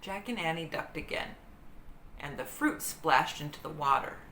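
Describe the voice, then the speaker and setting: A woman reading a children's book aloud in an expressive, dramatic storytelling manner. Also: sits low, normal speed. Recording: roomy echo with faint hiss.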